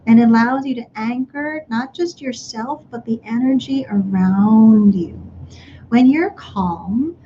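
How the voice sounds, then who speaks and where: A woman speaking to parents in a live online workshop, gently guiding them through breathing exercises. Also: fairly high pitch, measured pace, highs cut off, a little hiss or hum.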